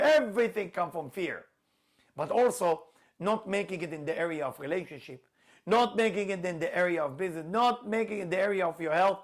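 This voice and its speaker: A middle-aged man lectures a spiritual class in a high-sitting, animated voice at a fairly quick pace. He's emphatic, repeating key words and stretching them out, and his phrasing is non-native.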